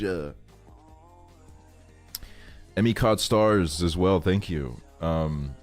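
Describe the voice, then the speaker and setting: A man's voice: deep voice, very slow, pauses often, soft background music. A man in his twenties telling a rambling story on a live stream, laughing often and swearing a lot. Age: 20s. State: tired. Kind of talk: casual stream chat, storytelling.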